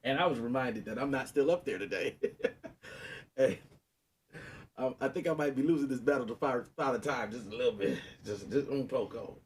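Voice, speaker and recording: A man's voice: mid-range voice, fairly quick, a little hiss or hum. A man in his thirties, a podcast co-host, telling a story in casual chat and laughing often, with a sore knee.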